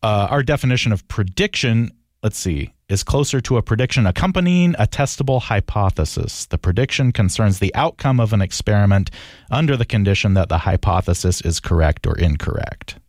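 A podcast co-host with a fairly low, expressive, slightly mellow voice talks a little fast. He reads listener emails aloud and laughs easily in casual chat. The studio sound is clean, with no room noise.

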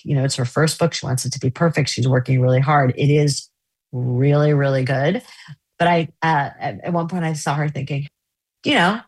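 A woman's voice: low voice, vocal fry, slightly rough, dry recording. A middle-aged woman novelist, chatting casually in an interview, telling stories animatedly with many fillers. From United States.

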